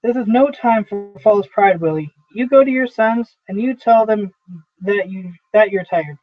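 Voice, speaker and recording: A man reading the part of a brisk, impatient younger male boss who speaks curtly, in a dry, tinny recording. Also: sits high, no echo, faint music behind. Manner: curt, dismissive. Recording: dry, tinny phone-like sound.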